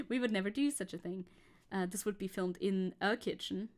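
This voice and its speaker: A woman's voice: medium pitch, big pitch swings, measured pace. A woman chatting casually and playfully while she paints on a live stream. She rambles and jokes at her own expense. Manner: playful, rambling, self-joking.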